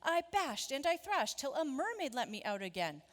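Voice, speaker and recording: A woman's voice: sits high, sing-song, moderate pace, in a large hall. A woman voicing a small boastful boy fish who spins breathless, eager excuses.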